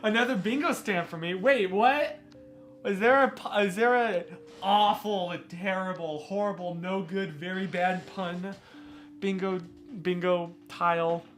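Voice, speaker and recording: With faint music behind him, a man hosts a live stream from a room at home, bantering casually with viewers, laughing often and ribbing himself. His high, somewhat bright voice moves a little slowly.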